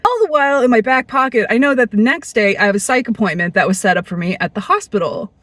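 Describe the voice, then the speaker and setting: A woman's voice: a little high, fast talker, no echo. A woman telling a personal story in a candid, blunt monologue, swearing freely and acting out the people she quotes. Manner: blunt, profane, animated, acts out quoted people.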